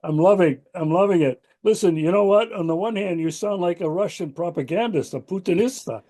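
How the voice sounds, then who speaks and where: A male host leads a political interview in a somewhat high but mellow voice. He speaks in a measured way, pausing and restarting as he builds his questions. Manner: measured, with many fillers and restarts.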